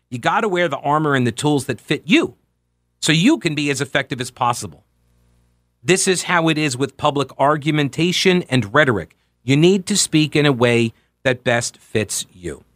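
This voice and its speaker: A man in his forties hosts a talk radio show, speaking into a close studio microphone in a dry booth. He chats candidly through personal stories, with animated little asides at a mid-range pitch. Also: moderate pace, no room sound. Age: 40s. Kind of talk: conversational talk radio monologue.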